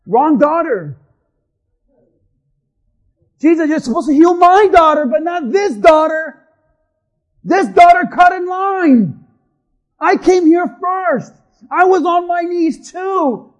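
A man voicing a biblical father who protests loudly and feels passed over. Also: very high-pitched, lively intonation, slow, long pauses, pitched above the performer's own voice, exaggerated voice. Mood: aggrieved. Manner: loud, aggrieved protest. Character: pleading, indignant father, adult man.

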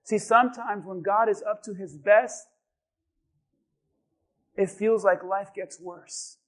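High-voiced preacher, swelling to shouts. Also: male voice, takes it slowly. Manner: builds from calm storytelling to shouted exhortation. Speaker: pastor. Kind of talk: sermon.

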